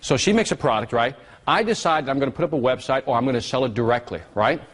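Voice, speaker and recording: A man giving a live marketing seminar, animated and teasing, drawing call-and-response from his audience. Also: medium pitch, quick pace.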